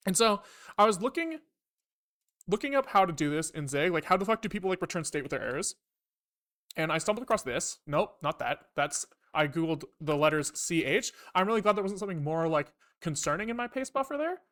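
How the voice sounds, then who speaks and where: A man's voice: high-pitched, a little fast. A young man streaming himself programming, chatting casually and swearing freely as he rants and explains code. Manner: chatty, profane, animated ranting. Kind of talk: casual live coding stream chat.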